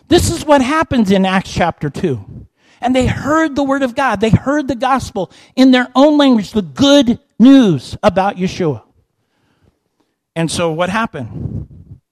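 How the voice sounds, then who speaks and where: A man preaching a sermon, shifting between quiet explanation and raised, animated passages, sometimes voicing imagined listeners. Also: measured pace, no room sound, low-quality recording. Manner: animated, rises and drops in pitch and volume, acts out listeners.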